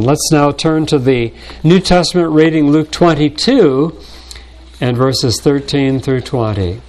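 An older man, a pastor, delivering a measured sermon to his congregation and pausing now and then to clear his throat. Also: a little high, a little mellow, a little hiss or hum.

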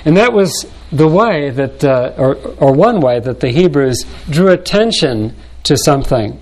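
Older male pastor, sermon, slightly high voice, deliberate pacing, clears throat. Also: lively intonation, a little mellow. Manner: measured, deliberate delivery with frequent throat clearing.

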